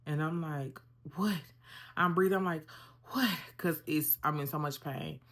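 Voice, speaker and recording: Young woman vlogger, low voice, animated casual storyteller talking to viewers. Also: normal speed. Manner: animated, conversational, addresses viewers as y'all.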